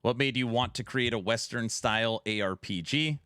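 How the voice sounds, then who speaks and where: Through a headset mic, this medium-pitched man sounds sharp, clear, and resonant at a normal pace, with no room sound and a clean studio quality. He's a streamer running a gaming podcast from home, bantering with chat and reading out community questions, casual and occasionally raising his voice.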